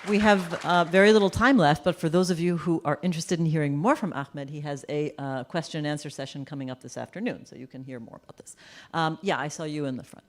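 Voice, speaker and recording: A woman moderating a conference panel, brisk and focused on keeping time. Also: low voice, darkish tone. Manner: brisk, managing time, with fillers. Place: conference hall.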